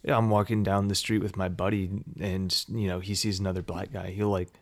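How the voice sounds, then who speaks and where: A young man in casual podcast chat, laid-back, with deadpan jokes. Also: low voice, a little fast.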